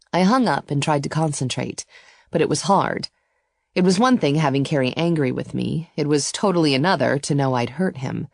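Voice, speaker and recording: A woman narrating a first-person romance audiobook in a steady, intimate storytelling voice. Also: low-pitched, moderate pace, creaky, no echo, studio quality.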